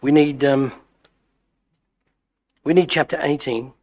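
A middle-aged man preaching a sermon, animated and full of stammered restarts. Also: slow, highs cut off. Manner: animated, wide swings in pitch and loudness, frequent stammered restarts. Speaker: visiting preacher.

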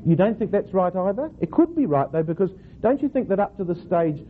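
A man teaching a class on how to read a scripture verse, reading it aloud slowly with different stresses and then questioning his listeners. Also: sits high, big pitch swings. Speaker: Bible teacher. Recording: tinny phone-like recording with faint noise.

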